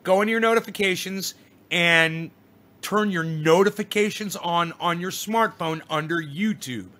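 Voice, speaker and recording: A man's voice: high voice, a little slow, pushed and bright. A middle-aged man hosting a casual livestream, reading viewer comments aloud and lecturing them in a rambling, profane way. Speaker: live streamer reading chat.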